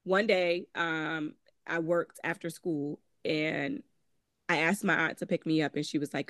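A woman's voice: low-pitched, steady tone, unhurried, fairly bright tone. A woman with a Connecticut accent recounts her past as an interview guest, speaking candidly with plenty of "um" and "like". She slips into quoted voices as she tells it. The sound is dry, with no room echo. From Connecticut, USA. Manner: candid, conversational, frequent "um" and "like", acts out quoted voices. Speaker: guest author. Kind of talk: personal storytelling in interview.

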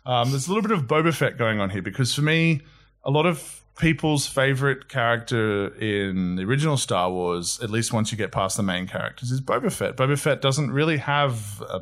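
A man from New Zealand, co-hosting a casual film chat and giving opinions with quick asides. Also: medium pitch, expressive, a bit bright. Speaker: podcast co-host.

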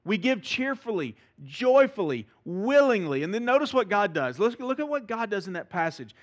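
A man pastor preaching a sermon, with emphatic delivery that swings from loud to soft. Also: high-pitched, big pitch swings, moderate pace.

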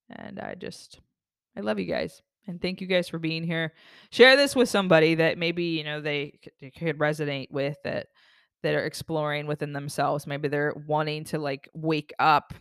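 A woman hosting a podcast in a casual spiritual self-help monologue, rambling and animated, casually swearing and acting out quoted voices. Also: low voice, no echo, studio quality. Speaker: podcast host.

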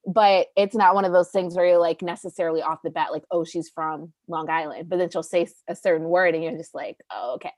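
A woman from Baltimore with a subtle Baltimore accent, chatting as a guest and telling relaxed stories. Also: lowish voice, fairly quick, few pauses, dry recording. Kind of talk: casual interview chat.

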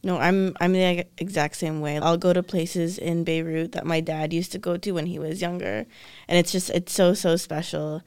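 A woman with a fairly low voice hosting a casual interview. The recording sounds dry and close, with no room echo. She mostly listens and chimes in with brief agreement. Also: fairly even intonation, normal speed, clear, resonant tone. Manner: warm listener, short agreeing replies. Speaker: host.

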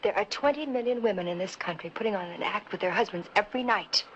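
A woman's voice: medium pitch, fast, a bit bright, highs cut off, a little hiss or hum, lightly acted. An actress in her thirties playing a volatile burlesque stripper in a 1960s film drama, defensive and cutting. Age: 30s. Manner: defensive, turning bitter and cutting.

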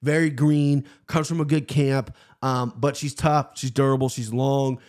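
Excitable, swearing male podcast host. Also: medium pitch, measured pace. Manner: loose, excitable, swears freely. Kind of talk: casual sports betting chat.

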